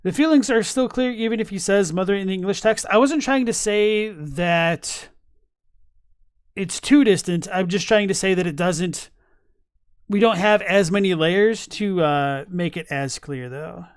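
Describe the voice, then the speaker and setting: Man live-streaming, clear and high. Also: unhurried, dry recording, studio quality. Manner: thinking aloud, many fillers and restarts, reads chat. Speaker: streamer reacting to game lore. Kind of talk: casual live-stream chat.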